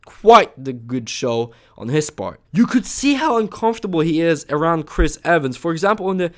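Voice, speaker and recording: A young man giving a casual opinion rant as a vlogger, moving between calm, mumbled stretches and sudden loud, high bursts of yelling, and swearing freely. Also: normal speed. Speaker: vlogger reviewing a TV show.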